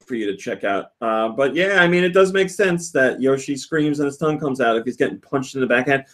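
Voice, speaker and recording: A man's voice: medium pitch, fairly quick, fairly bright tone. A man hosting a casual podcast, reading listener comments aloud and laughing often. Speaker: podcast host.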